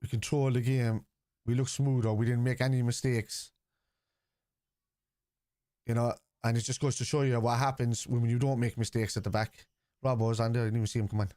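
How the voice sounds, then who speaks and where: A man's voice: medium pitch, level tone, a little fast, warm tone, no room sound, clean studio sound. A man hosting a live football watchalong, chatting casually and answering viewers' comments.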